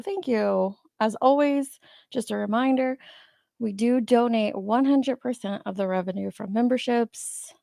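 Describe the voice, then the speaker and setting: A woman's voice: fairly high pitch, creaky, warm tone, dry recording, studio quality. A woman hosting a livestream, chatting casually with her viewers, greeting them by name, and sounding a little sleepy. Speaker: livestream host. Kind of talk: casual chat with live chat viewers.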